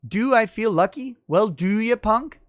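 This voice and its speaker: A man's voice: high-pitched, measured pace, dry recording, studio quality, voice pushed up. A man putting on the voice of a menacing male movie cop, drawling and taunting.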